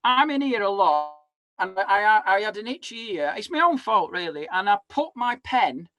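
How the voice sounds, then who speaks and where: A man's voice: high voice, very animated, moderate pace, pushed and bright. A man in his forties, a comedian guest on a video call, rambling animatedly through self-mocking stories. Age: 40s. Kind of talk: casual chat.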